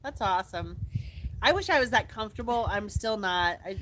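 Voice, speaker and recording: A woman's voice: mid-range voice, lively intonation, moderate pace, a little hiss or hum. Self-conscious woman livestream co-host. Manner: self-conscious, warm, thanks viewers. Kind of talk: casual livestream chat.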